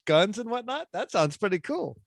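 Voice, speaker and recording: A man's voice: sits high, sing-song, normal speed, creaky, no room sound, clean studio sound. A man hosting a podcast interview, chatting casually and laughing along. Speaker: podcast host.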